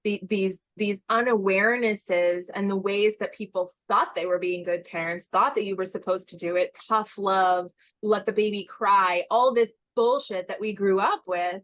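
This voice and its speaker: A woman in her forties hosting a podcast, talking in a rambling, animated way with quick asides. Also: medium pitch, no echo. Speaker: podcast host. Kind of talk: casual conversational podcast chat.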